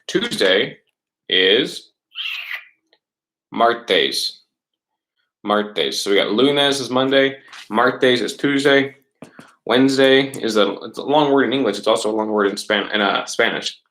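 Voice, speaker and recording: A man teaching a middle school class over a webcam, patient, repeating words slowly and checking in with "right?" and "okay?". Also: mid-range voice, fairly bright tone, low-quality recording. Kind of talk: recorded online class lesson.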